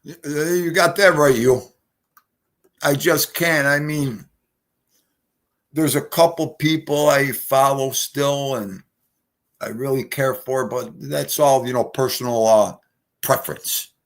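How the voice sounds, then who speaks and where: Brash, profane New livestream host. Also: male voice, medium pitch, slow, pauses often. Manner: brash, profane, greets chatters. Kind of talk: casual livestream chat.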